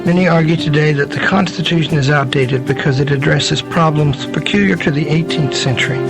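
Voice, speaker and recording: A college president delivering a measured, scripted radio spot. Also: male voice, a little high, creaky, rough recording. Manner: measured, lecturing. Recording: spot with music underneath.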